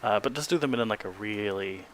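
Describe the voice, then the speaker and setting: A man's voice: fairly low pitch, a little fast, fairly bright tone, slight background noise. A man with an Australian accent chatting casually on a stream, laughing often and making self-deprecating asides. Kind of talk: casual stream chat between read lines.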